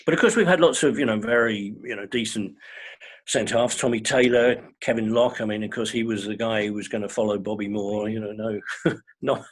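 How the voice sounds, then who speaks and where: An older man chatting as a guest, telling wry, measured stories in a husky voice. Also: fairly low pitch, steady tone. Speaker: guest fan. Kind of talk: casual chat.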